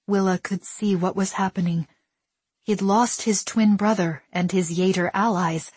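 A woman reading a novel aloud in steady, dramatic storytelling narration. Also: fairly low pitch, slightly rough, dry recording. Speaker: audiobook narrator. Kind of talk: scripted narration.

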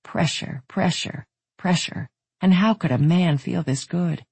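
A narrator voicing an eager young woman in love who speaks breathless and pleading, read in a husky, dry voice. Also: mid-range voice, measured pace, darkish tone, no room sound.

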